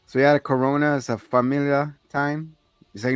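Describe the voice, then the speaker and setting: A man's voice: mid-range voice, flat delivery, brisk, smooth, no echo, soft background music. A man co-hosting a casual podcast, animatedly retelling a movie scene with profane acted-out quotes. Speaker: podcast co-host. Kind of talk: casual movie recap chat.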